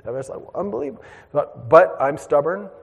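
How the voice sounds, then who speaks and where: Pastor guy telling a story in church, kinda high voice, acts stuff out, big echoey hall. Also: moderate pace. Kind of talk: storytelling sermon.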